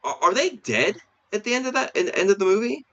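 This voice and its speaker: A man's voice: high voice, sing-song, fast, fairly bright tone. A man co-hosting a casual film review podcast, talking hesitantly with many restarts and fillers. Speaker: podcast co-host. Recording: dull lo-fi stream audio.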